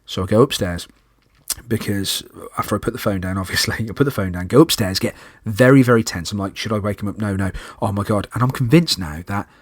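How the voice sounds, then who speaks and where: A young man hosting a podcast, telling a personal story in a lively way and acting out panicked moments in loud breathless bursts. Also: lowish voice, a little fast, no room sound, clean studio sound. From United Kingdom. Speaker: podcast host.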